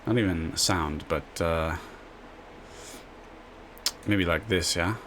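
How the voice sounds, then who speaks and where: Brief: low-pitched male chess host, offhand and rambling, slight hiss in the background. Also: takes it slowly, fairly bright tone. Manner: rambling, tags lines with a questioning "yeah?". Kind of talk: casual screen-share explainer.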